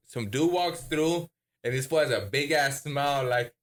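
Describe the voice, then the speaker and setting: A man's voice: medium pitch, normal speed, a bit bright. A man co-hosting a podcast, telling a story in a laid-back, profane way. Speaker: podcast co-host. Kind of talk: casual storytelling.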